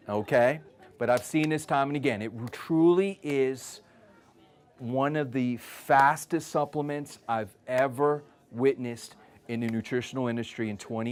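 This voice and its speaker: A man's voice: medium pitch, smooth. A man giving a live wellness presentation, telling stories and checking in with "okay?". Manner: animated storyteller, frequent "okay?" check-ins.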